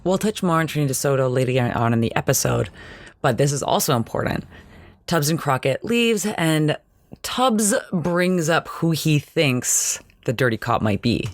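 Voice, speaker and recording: Fast-talking nerdy podcast host, dry mic. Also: medium pitch, lively intonation, no room sound. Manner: fast, chatty and nerdy, laughing at own nitpicks. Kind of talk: casual TV episode recap.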